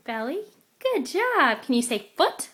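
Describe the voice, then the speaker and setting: High, bright-voiced mother coaxing a toddler. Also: sing-song. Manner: patient, coaxing, repeats words slowly and clearly. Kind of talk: coaching a toddler to speak at home.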